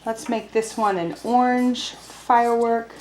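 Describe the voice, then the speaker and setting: Cheerful woman preschool teacher, clear and slow, slightly high voice, echoey room. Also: steady tone, a little mellow, a little hiss or hum. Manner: cheerful, slow and clear, sings simple songs. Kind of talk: video lesson for young children.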